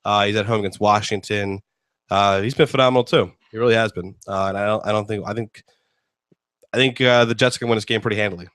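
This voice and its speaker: A man's voice: on the low side, fairly even intonation, fast, fairly bright tone, no echo, studio quality. A man hosting a casual sports talk show, rambling and joking with lots of fillers. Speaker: host.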